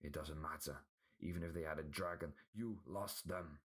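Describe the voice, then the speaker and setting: A man voicing a furious male dark wizard with a dark voice, speaking slowly and with menace in a storybook reading. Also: a bass voice, breathy edge, full character voice. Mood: menacing. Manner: slow, menacing.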